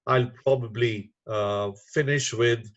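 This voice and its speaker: Male webinar lecturer, slow and measured, muffled computer mic. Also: mid-range voice, steady tone. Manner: measured, unhurried, with frequent uh fillers. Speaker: webinar lecturer on teaching reading. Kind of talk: online lecture.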